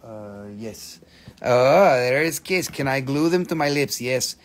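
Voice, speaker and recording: A man's voice: a little high, a little slow. A man hosting a live stream sale, chatting casually and jokingly, swearing freely and tossing in silly voices. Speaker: host selling stones on a live stream. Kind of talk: casual live sales chat.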